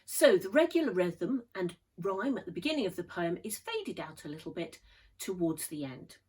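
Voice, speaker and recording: A woman teacher giving a measured, thoughtful poetry lesson. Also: on the low side, sing-song, darkish tone, slightly rough, rough recording. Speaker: English literature teacher.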